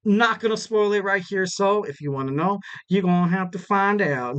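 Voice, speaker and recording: Young male podcast host, casual solo recap, slightly high and smooth voice, loose and rambling with playful asides. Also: normal speed, highs cut off. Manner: loose and rambling, many fillers, jokey asides with laughs.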